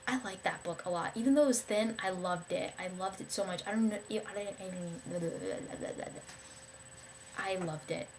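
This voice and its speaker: A woman's voice: mid-range voice, quick pace, few pauses. Young woman vlogging, chatty and rambly, lots of ums, slight background noise. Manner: rambling, enthusiastic, lots of fillers and restarts. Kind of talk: casual talk to camera.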